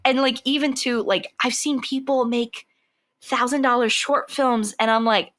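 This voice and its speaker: A young woman co-hosting a podcast in casual chat, animated and quick to leap into high imitations. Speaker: podcast co-host.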